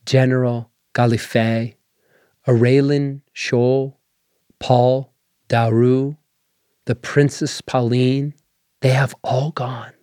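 A man voicing a proud, weary French woman cook, speaking quietly and with dignity. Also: mid-range voice, level tone, slow pace, pauses often, clear, resonant tone, no echo, studio quality, natural voice. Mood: dignified.

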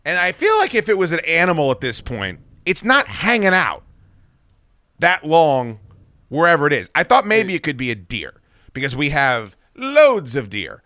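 A man hosting a podcast, telling a story casually and with lots of swearing, acting out his own shouts. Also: fairly high pitch, a little slow, no room sound. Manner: profane, animated, acts out his own shouting. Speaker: podcast host.

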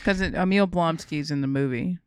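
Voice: medium pitch, a little fast, smooth, no room sound, studio quality. A podcast co-host in casual chat, blunt and sarcastic, with some swearing.

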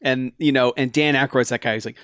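A man's voice: mid-range voice, steady tone, quick pace, fairly bright tone, clean tone, no room sound, clean studio sound. A man co-hosting a casual movie-review podcast, wryly retelling scenes and quoting lines. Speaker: podcast co-host.

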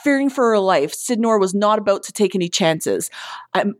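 A woman with a mid-range voice co-hosting a podcast in relaxed chat. She talks chattily and trails off with hesitant asides as she reads a news story aloud. The recording is dry and close. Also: mid-range voice, normal speed, no room sound. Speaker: podcast co-host. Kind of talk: casual chat.

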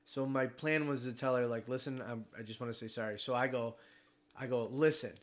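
A young man casually telling a travel story, animated, swearing and acting out the other people in it. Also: mid-range voice, a little fast. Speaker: podcast regular telling a story.

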